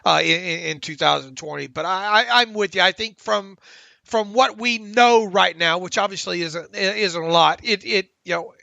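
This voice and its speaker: A man hosting a casual sports podcast, opinionated and halting, often restarting his sentences. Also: sits high, gravelly, sharp tone, no echo, dull audio. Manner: halting, opinionated, self-deprecating. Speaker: podcast host.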